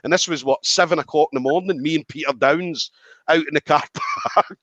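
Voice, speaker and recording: A man's voice: on the high side, a little fast, no echo. A man hosting a podcast, telling a story in casual chat and acting out the quoted lines. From Scotland. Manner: animated, acts out quoted lines, swears freely. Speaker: podcast host. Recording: dry, slightly dull audio.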